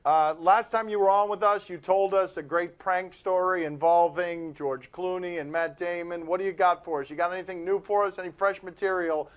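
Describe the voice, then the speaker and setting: A man hosts a talk show in a notably high voice. He asks teasing, playful questions. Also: steady tone, moderate pace, hardly any pauses, clear, resonant tone. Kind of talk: casual talk show chat.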